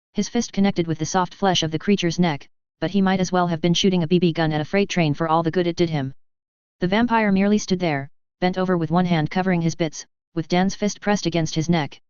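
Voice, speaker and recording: A narrator reading action fiction aloud in a steady, even storytelling manner, on a slightly dull recording. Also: medium pitch, clear, resonant tone, no echo.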